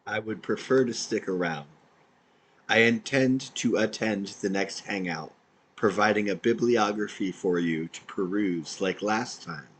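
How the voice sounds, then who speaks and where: A man's voice: on the low side, a little slow, a little hiss or hum, low-quality recording. A man, an independent podcaster, reading out his own messages in a dry, matter-of-fact way.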